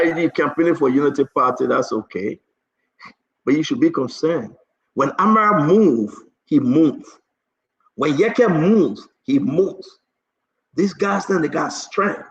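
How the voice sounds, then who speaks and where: A man's voice: a little high, roomy sound, highs cut off. A man hosting a heated political talk stream, emphatic, often repeating words as he starts. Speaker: talk show host.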